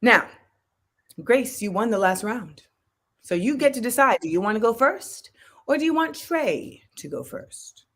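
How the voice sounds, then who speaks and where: Woman game show host, high bright voice, loud hyped slangy hosting. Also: big pitch swings, unhurried. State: out of breath.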